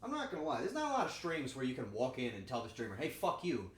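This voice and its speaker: Talking very fast in a mid-range voice, a male streamer cooks on a livestream in his echoey home kitchen. He keeps up crude, joking, animated banter with his chat.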